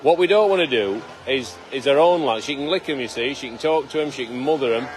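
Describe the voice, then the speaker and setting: Chatty farmer hosting live. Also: male voice, mid-range voice, fast talker, noisy background. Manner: chatty, teasing, with frequent restarts. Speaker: farmer and livestream host. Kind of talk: casual live commentary.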